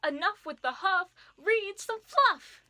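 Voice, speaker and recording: A woman's voice: very high voice, animated, slow pace, pushed and bright, voice pushed up, exaggerated voice. A woman voicing a perky, pushy female fairy of romance books who speaks in sing-song rhymes. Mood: bossy, playful. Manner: sing-song rhyming pep talk.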